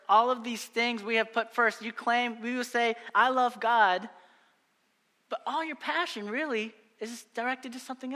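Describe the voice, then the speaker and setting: A man's voice: high voice, bright, forceful tone, big-room sound. A young adult man preaching a sermon, earnest and exhorting, often repeating phrases for emphasis. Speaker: pastor.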